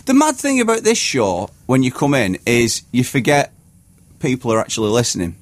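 A middle-aged man, a guest on a radio show, rambling through casual banter with a lot of restarts and quick laughs. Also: medium pitch, very animated, no echo. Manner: rambling, self-interrupting storyteller, quick to laugh.

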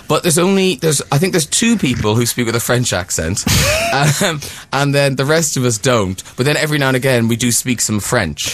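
A man chats as a radio guest, rambling and mocking himself. His voice is mid-pitched but moves a lot, with plenty of lift and fall. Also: animated, normal speed, fairly bright tone. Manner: self-deprecating, laughing, rambling. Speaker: guest performer. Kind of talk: casual interview chat.

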